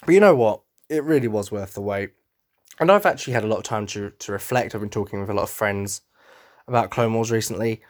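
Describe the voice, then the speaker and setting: Excitable man gushing as a fan. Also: fairly low pitch, fast. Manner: excitable, acts out quotes and hums music. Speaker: podcast host. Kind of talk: casual fan monologue.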